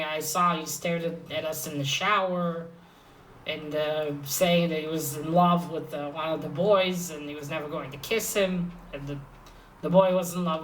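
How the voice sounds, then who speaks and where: Low-voiced woman recapping a comic, hesitant. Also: a bit bright, distant mic, rough recording. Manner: rambling, hesitant with many fillers and restarts. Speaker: comic book reviewer.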